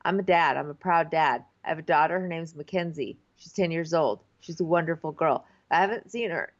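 A woman's voice: low voice, fairly quick. A woman co-hosting a casual podcast chat, chatty and incredulous, acting out quotes. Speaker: podcast co-host. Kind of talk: casual chat recapping a TV show. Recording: slightly dull lo-fi sound.

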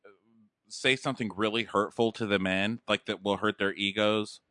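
A man's voice: fairly low pitch, fairly even intonation, moderate pace, pushed and bright, dry recording, studio quality. A man co-hosting a casual recap chat, sarcastic and crude in a mocking way. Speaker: podcast co-host.

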